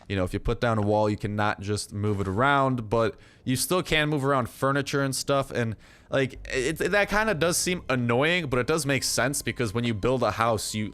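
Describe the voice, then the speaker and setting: A man's voice: mid-range voice, a bit bright. A young man giving casual, rambling commentary over his gameplay, full of fillers and jokes. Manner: rambling, filler-heavy, jokey. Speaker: gaming YouTuber.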